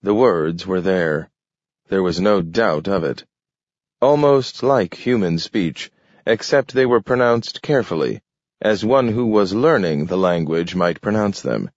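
A man narrating an audiobook in a measured, deliberate reading. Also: deep voice, lively intonation, no echo. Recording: dull lo-fi recording.

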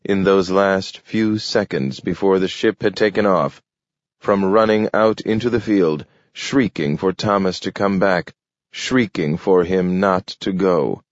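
A man narrating a story in a measured, steady way. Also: deep voice, dry recording. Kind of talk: scripted audiobook narration. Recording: dull, dry lo-fi recording.

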